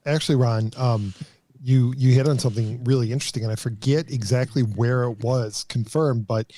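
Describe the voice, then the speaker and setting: A man co-hosting a podcast, explaining at a measured pace with frequent fillers. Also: mid-range voice, fairly even intonation, warm tone, no room sound, clean studio sound. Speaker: podcast co-host. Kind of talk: casual chat.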